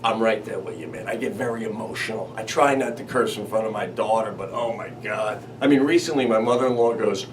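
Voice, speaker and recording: A man hosting a comedy show, telling stories with animated, acted-out quotes. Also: fairly low pitch, a little fast, few pauses, background noise. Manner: animated storytelling, acts out quoted voices. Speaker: comedian host. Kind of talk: comedic monologue. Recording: slightly distant mic, faint ambience.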